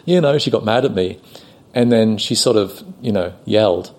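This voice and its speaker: A British man telling a story on a podcast, animated and often laughing as he acts out the people he quotes. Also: lowish voice, moderate pace. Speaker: podcast guest, actor. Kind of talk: casual anecdote telling.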